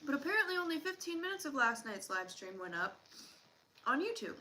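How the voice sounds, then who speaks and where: A woman's voice: sits high, sing-song, fairly quick, bright, forceful tone, a little hiss or hum, low-quality recording. A woman co-hosting a casual livestream, chatting and rambling with lots of fillers while she eats. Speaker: livestream co-host.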